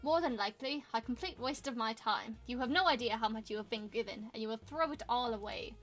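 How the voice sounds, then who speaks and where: A woman's voice: a little high, brisk, fairly bright tone, faint music behind. A woman voicing a stern, disdainful older male professor in a put-on British accent, clipped and condescending.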